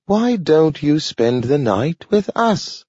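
An eager, friendly talking dog with a lifted, high voice and a careful, halting way of saying each word, as a man reads him in an audiobook. The recording is dull and lo-fi and sounds very dry. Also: sing-song, warm tone, slightly rough, no room sound, heavily acted. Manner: careful, halting pronunciation of words.

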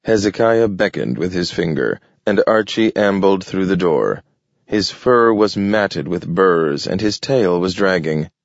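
Deep, slow-paced male narrator. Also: animated, vocal fry, no echo, dull audio. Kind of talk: audiobook narration.

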